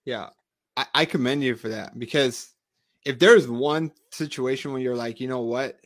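A man's voice: mid-range voice, moderate pace, a bit bright. A man hosting an interview, talking earnestly and often repeating words as he starts a thought. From Spanish-speaking country. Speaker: podcast host. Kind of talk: conversational interview.

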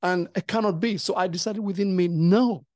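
A pastor recounts a testimony in conversation, voice leaping up as the story grows heated. Mid-pitched and lively, recorded close and dry. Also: quick pace, dry recording. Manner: animated storytelling, acting out quotes. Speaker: pastor and co-host.

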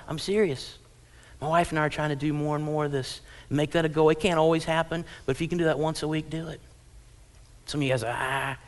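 Animated male pastor preaching a sermon. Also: fairly high pitch. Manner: animated storytelling, acting out parents and kids. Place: church auditorium.

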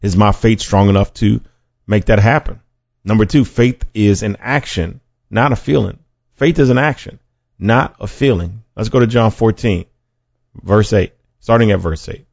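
Gravelly-voiced man preaching a podcast sermon. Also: on the low side, normal speed, a little mellow, dry recording. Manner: earnest, conversational preaching with restarts. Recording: dry, dull lo-fi sound.

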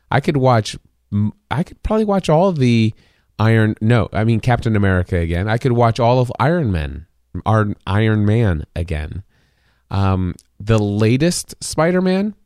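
Man podcast host, fairly low voice, rambling casual talk, dry sound. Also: a little mellow, no echo. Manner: rambling, with restarts and hedging. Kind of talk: casual chat.

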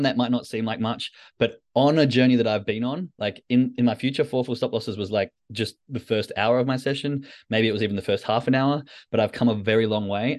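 A man with a lowish voice talks quickly through a reflective solo podcast episode. He is candid and self-critical, circling back on his words and restarting sentences as he goes. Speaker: podcast host, trader.

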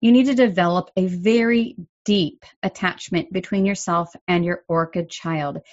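A middle-aged woman hosting a parenting podcast, explaining in an earnest, gently emphatic way. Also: mid-range voice, dry recording, highs cut off. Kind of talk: solo podcast talk.

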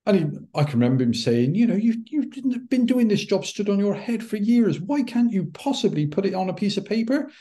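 A middle-aged man, a podcast guest, telling a personal story in an animated way and acting out the dialogue. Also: high voice, fairly quick, hardly any pauses. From United Kingdom. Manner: animated, acts out quoted dialogue. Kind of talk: anecdotal storytelling.

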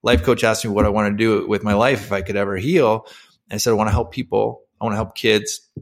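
A middle-aged man with a somewhat low voice tells his own story as a podcast guest. He speaks earnestly and emotionally, full of fillers and restarts, in a candid conversational way. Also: steady tone, brisk. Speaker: podcast guest, former pro hockey player.

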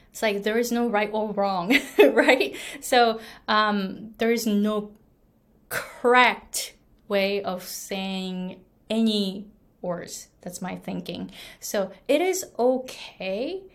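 Slow-talking woman coaching pronunciation. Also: mid-range voice. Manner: relaxed, repeats "right?" and laughs often. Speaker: pronunciation coach and podcast host. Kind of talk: casual solo episode monologue.

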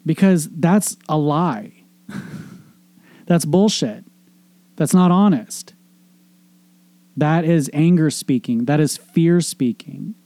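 A man's voice: a little high, slow pace, long pauses, warm tone, no echo. A middle-aged man hosting a show, giving an earnest, emphatic motivational monologue on relationships, with casual swearing and repeated phrases. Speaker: podcast host, relationship coach.

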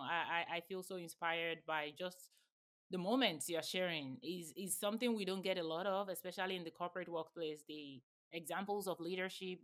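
A woman's voice: lowish voice, a bit bright. A woman in her thirties hosting an interview podcast, affirming her guest and thinking aloud as she talks. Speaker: podcast host. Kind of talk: conversational interview.

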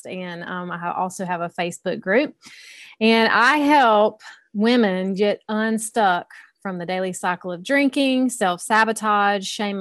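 A woman's voice: medium pitch, a bit bright, no echo. Brief: cheerful Southern woman guest, dry recording. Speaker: podcast guest. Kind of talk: casual group chat.

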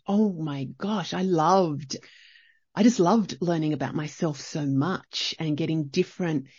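A middle-aged woman talks through her thoughts in a chatty, reflective solo podcast, often circling back and restarting. Her voice sits a little low and has a husky edge. The recording is dry and slightly dull. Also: a little mellow, no echo. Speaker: podcast host.

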